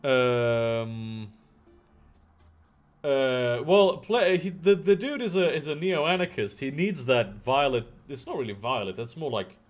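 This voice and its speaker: A man's voice: mid-range voice, lively intonation, slow, faint music behind. A man streaming a video game, reading its story text aloud and chatting casually in between.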